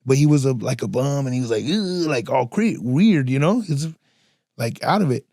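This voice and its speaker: A man's voice: mid-range voice, normal speed, vocal fry, dry recording, studio quality. A man hosting a podcast, telling stories in a casual, slangy, profane way and acting out the people in them. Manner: slangy and profane, peppers talk with "fool" and "dog"; animated, acts out voices in his stories. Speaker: podcast host. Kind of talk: casual storytelling chat.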